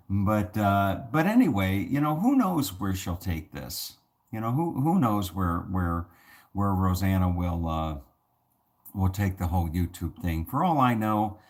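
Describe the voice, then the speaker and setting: A man with a very low voice rambles through a casual vlog monologue. He leans on fillers and restarts, wandering from thought to thought. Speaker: vlogger.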